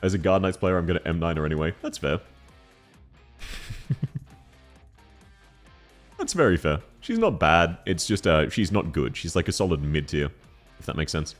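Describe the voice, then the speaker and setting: A man's voice: low-pitched, very animated, moderate pace, pauses often, faint music behind. A man streaming a Q&A, answering chat questions in a playful, teasing way and laughing often.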